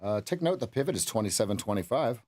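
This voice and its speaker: A man's voice: mid-range voice, big pitch swings, quick pace, darkish tone. A man coaching a live day-trading stream, swearing and laughing at his own losses.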